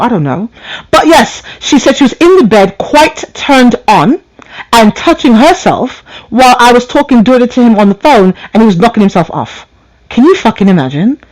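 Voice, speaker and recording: A woman hosts a late-night call-in radio show and tells a personal story. She is candid and profane, and she laughs often. Her pitch rises and falls in a lively way. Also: low-quality recording.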